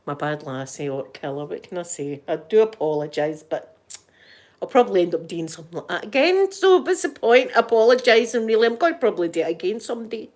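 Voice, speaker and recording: A woman's voice: on the low side, animated, brisk, darkish tone. A middle-aged Scottish woman telling a story to her viewers in easy, casual chat. She laughs her way through the tale and keeps replying to the live chat as she goes. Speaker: ASMR streamer chatting with viewers.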